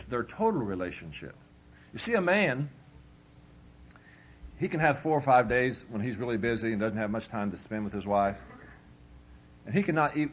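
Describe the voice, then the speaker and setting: In this folksy workshop lecture, a man with a lowish voice preaches about marriage in a humorous, conversational way. He acts out both spouses as he speaks, and there's slight background noise.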